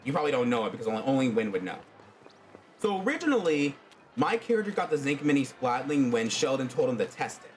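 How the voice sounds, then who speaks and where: A man's voice: medium pitch, big pitch swings, fast, a little hiss or hum. A man casually telling his own fan story on a stream, rambling with many fillers.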